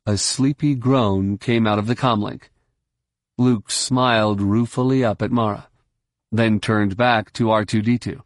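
A man narrating a science fiction audiobook in measured, even storytelling, close to the mic. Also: on the low side, dry recording. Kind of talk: scripted narration.

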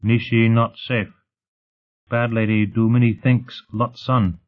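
A man voicing a simple creature that speaks slowly in broken, halting words. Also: mid-range voice, little pitch movement, lightly acted. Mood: plain. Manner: slow, halting, broken grammar. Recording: tinny phone-like sound.

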